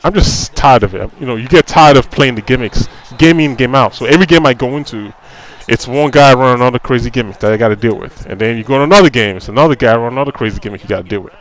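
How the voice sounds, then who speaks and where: A man talking over his football game footage in casual commentary at a middle pitch. He rants with frustration, circles back to the same complaints and fills gaps with "you know." His talk is loose and conversational. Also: racing, hardly any pauses, rough recording. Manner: repeats himself, fillers like "you know". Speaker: gaming commentator.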